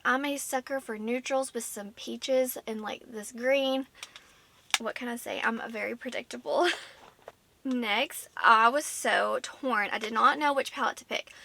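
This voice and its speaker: A woman's voice: a little high, gravelly, bright, forceful tone. A woman chatting casually as a beauty vlogger, slightly out of breath and filling her talk with "like". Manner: chatty, fills with "like".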